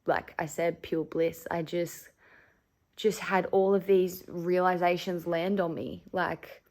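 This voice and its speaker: A woman's voice: lowish voice, level tone, slow pace, a little mellow. A woman vlogger, chatting candidly to camera, full of "like" fillers and casual swearing.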